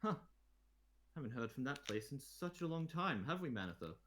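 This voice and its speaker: A man's voice: mid-range voice, big pitch swings, normal speed, bright, forceful tone, slight background noise, pitched above the performer's own voice. A man voicing a bored, haughty woman who rules a great library, speaking in an imperious, weary way. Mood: polite.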